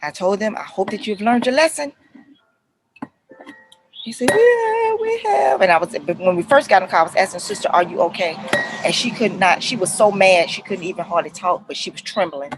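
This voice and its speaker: A middle-aged woman, a counselor telling stories to parents in a lively, conversational way and acting out the voices. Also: fairly low pitch, quick pace, music in the background, low-quality recording. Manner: animated retelling, acts out voices, addresses viewers as y'all. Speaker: counselor and life coach speaking to parents. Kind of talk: casual talk to camera, storytelling.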